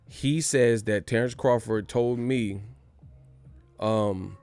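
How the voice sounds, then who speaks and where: A man hosting a casual boxing news livestream, talking in an animated, joking and profane way. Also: mid-range voice, slow, pauses often, clean tone, dry recording, faint music behind.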